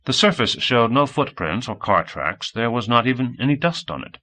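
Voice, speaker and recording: A man reading an audiobook in a measured storytelling manner. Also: medium pitch, animated, pushed and bright. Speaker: audiobook reader. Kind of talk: audiobook narration.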